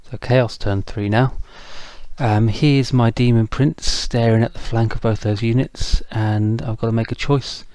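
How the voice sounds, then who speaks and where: A man's voice: mid-range voice, steady tone, measured pace, warm tone, dry recording. A man casually narrating a tabletop wargame battle report, chatty and self-deprecating, with frequent ums. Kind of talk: casual game recap narration.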